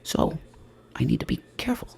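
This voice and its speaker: A man's voice: low voice, very animated, fast, vocal fry, noisy background, full character voice. A man doing a whispered role-play of a fragile, innocent little girlish kitten, coy and self-pitying.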